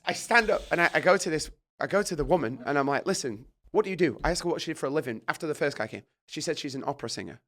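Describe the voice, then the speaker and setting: A middle-aged British man telling a story in casual chat, animated and swearing, acting out his own reactions. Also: fairly high pitch, rapid-fire, hardly any pauses. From Britain. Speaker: guest.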